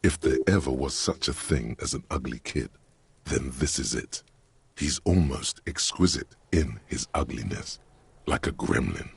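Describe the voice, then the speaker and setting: A man narrating a video game in a measured, grim, gravelly voice. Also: expressive, no room sound, exaggerated voice. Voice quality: gravelly, deep.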